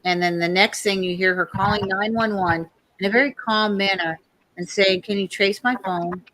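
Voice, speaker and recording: A woman's voice: medium pitch, moderate pace, low-quality recording. A woman hosting a casual online talk show, chatty and storytelling, acting out the people in her stories. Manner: chatty, storytelling, quotes others in lively voices.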